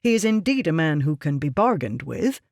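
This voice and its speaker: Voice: mid-range voice, very animated, fairly quick, darkish tone, no echo, clean studio sound. An audiobook reader voicing a ruthless, scheming merchant man who talks down to others in a curt, lecturing way. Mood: dismissive. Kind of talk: audiobook character reading.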